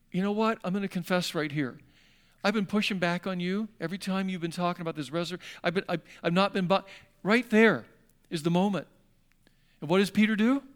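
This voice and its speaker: High-voiced male pastor preaching dramatically. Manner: dramatic, shifting from hushed to emphatic. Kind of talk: sermon.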